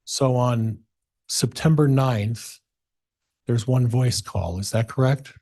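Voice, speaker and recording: Husky guy lawyer grilling a witness in court, slow and careful. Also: mid-range voice, warm tone. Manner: measured, methodical questioning with hesitations. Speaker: defense attorney. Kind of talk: courtroom questioning.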